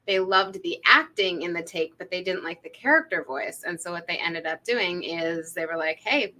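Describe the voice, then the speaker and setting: Bright-voiced chatty woman casting director. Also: lowish voice. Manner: chatty, anecdotal, laughs easily. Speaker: casting director and podcast co-host. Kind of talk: casual podcast chat.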